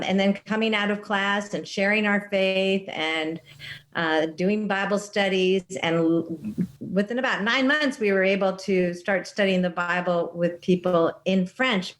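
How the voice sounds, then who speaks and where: An older American woman, a missionary guest, speaking frankly and reflectively in an interview. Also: mid-range voice. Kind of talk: casual interview storytelling.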